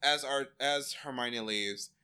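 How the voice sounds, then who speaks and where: A man co-hosting a podcast, recapping a TV episode in casual chat, animated and laughing, acting out the characters in silly voices. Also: mid-range voice, takes it slowly, clean tone. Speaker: podcast co-host.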